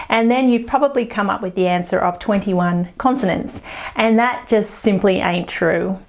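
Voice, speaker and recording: An Australian woman teaches an online English lesson in an encouraging tone. She models everyday phrases slowly and carefully. Her voice sits in a middle range. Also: mid-range voice.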